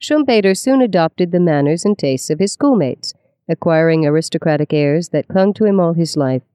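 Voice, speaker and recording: A narrator giving a measured, scripted nonfiction audiobook reading. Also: mid-range voice, animated, mellow, smooth, no echo, studio quality.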